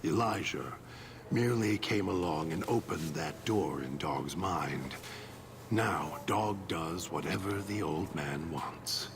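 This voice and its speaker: A hateful, gravelly super mutant. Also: male voice, sits low, full character voice. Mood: brooding. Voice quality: gravelly, slow and brooding. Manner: seething, drops to rasping whispers. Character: bitter, hateful male super mutant alter ego. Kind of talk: video game dialogue. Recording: clear background noise in game audio.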